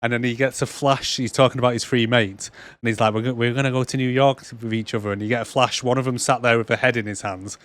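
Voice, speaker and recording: A man's voice: mid-range voice, fairly even intonation, quick pace, fairly bright tone. A young man, co-hosting a casual film podcast, laughing a lot and acting out lines in silly voices. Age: young adult. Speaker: podcast co-host. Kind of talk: casual film review chat. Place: cold room.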